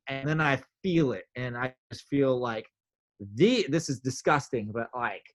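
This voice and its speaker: A man telling a story in a casual interview, animated, filling his talk with "like" and acting out quotes. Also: medium pitch, measured pace. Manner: animated, many "like" fillers, acts out quotes. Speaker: podcast guest, drummer.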